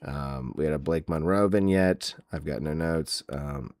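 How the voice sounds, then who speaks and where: A man's voice: very deep voice, a little slow, darkish tone, no echo, clean studio sound. A man hosting a podcast, recapping in a casual, mocking, profane, rambling way. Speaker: podcast host. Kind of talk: casual comedic wrestling recap.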